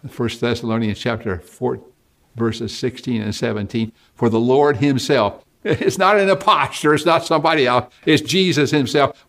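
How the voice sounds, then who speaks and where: A man preaching a sermon, reading Bible verses with excitement and dropping to hushed asides between passages. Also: mid-range voice, moderate pace.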